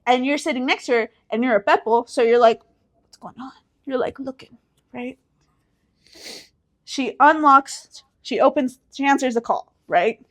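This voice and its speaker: A young woman co-hosting a casual podcast with her sibling, telling stories in an animated way, acting out quotes and laughing often. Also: high-pitched, moderate pace. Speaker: podcast co-host.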